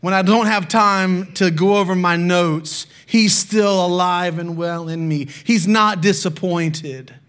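A man's voice: high-pitched, fairly even intonation, slow, few pauses, fairly bright tone, clean tone. A young male pastor preaching, telling candid, self-deprecating stories from home life. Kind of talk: sermon.

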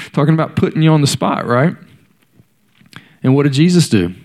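A man's voice: fairly high pitch, lively intonation, moderate pace, a little mellow. A man preaching a sermon, telling stories and speaking directly to the congregation. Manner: storytelling, voicing the characters in quotes.

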